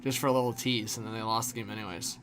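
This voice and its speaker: A man's voice: on the low side, steady tone, racing, a bit bright, soft background music. A young man hosting a casual hockey livestream, rambling with lots of fillers while answering chat. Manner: rambling, filler-heavy, frequent "like". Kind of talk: casual live stream commentary, reading chat.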